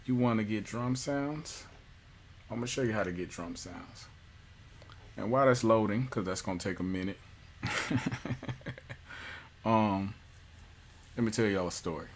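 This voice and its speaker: A man giving a casual music software tutorial, loose and jokey, with slang and lots of fillers. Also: lowish voice, a little slow, pauses often, a little hiss or hum. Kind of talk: casual screen-recorded tutorial.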